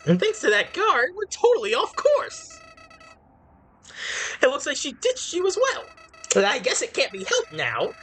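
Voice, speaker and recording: A gamer voicing a chipper, scheming cartoon flower companion in a high, sing-song, bouncy voice. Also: huge pitch swings, a little slow, pauses often, a bit bright, faint music behind, heavily acted. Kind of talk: let's play voice acting.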